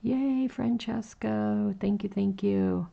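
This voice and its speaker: Raspy gravelly woman in her 40s chatting slow while she crochets on stream, low husky voice, kinda muffled audio. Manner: slow, gentle, chatty with fillers, reading out chat. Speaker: crochet livestream host. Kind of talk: casual chat while crocheting.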